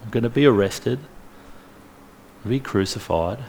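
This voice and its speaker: Man doing a calm slow teacher voice in a sermon, deep and gravelly. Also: slight background noise. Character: calm male teacher foretelling betrayal.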